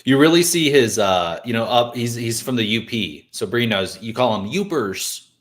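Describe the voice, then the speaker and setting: A man's voice: mid-range voice, animated. A man in casual chat as a co-host, with a mid-range voice. He rambles, halts and pads his thoughts with fillers. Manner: rambling, halting, many fillers. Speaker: podcast co-host.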